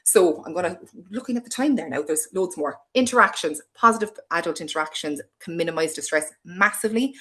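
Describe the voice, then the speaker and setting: Cork lady rattling through a parent webinar, fast and lively, lowish voice. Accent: Cork Irish. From Cork, Ireland. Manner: fast, passionate and playful. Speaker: hospital play presenter.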